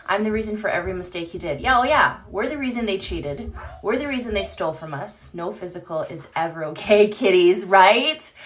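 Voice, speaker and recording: A woman's voice: medium pitch, expressive, moderate pace. Chatty woman live-streaming from home. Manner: chatty, swears freely, often laughs. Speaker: livestream host. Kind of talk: casual live-stream chat. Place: home, indoors. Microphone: phone.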